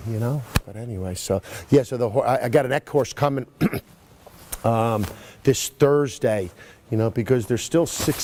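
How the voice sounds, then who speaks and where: Chatty middle-aged man, lively pitch swings. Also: slight background noise. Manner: rambling, chatty, full of "you know" asides. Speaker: riding clinician. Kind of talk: casual coaching chat. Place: horse arena.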